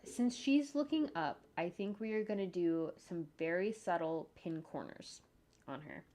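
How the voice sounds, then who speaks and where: A woman's voice: fairly low pitch, a little slow, mellow, slight background noise. A woman animator casually narrating her work as she goes, thinking aloud with jokey asides and humming to herself. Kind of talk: casual narration while working on screen. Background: faint computer keyboard typing and clicks.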